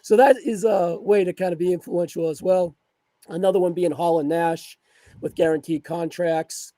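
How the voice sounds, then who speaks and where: A man on a podcast in casual chat, going through a list of points in a relaxed way. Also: high voice, moderate pace, no room sound. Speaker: podcast co-host.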